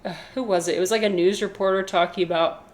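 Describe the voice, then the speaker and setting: A woman's voice: mid-range voice, fairly even intonation, fast talker. A young woman livestreaming a game, chatting in a rambling, casual way while reading chat. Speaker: streamer.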